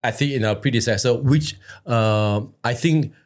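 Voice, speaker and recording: A man's voice: medium pitch, moderate pace. A man from Singapore with a Singaporean English accent, a podcast guest chatting casually. He tells stories with energy and slips into other voices. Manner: animated storyteller who slips into voices.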